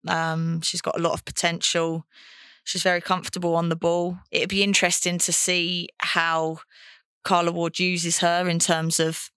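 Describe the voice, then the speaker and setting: A woman pundit and former footballer, giving measured, steady analysis in casual chat. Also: on the low side, clean tone, dry recording.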